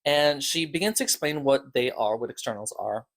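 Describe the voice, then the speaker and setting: A man's voice: mid-range voice, expressive, normal speed. Rambling man recapping a podcast. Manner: rambling, loose, lots of "like" and "uh". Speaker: podcast reviewer. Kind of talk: casual episode recap.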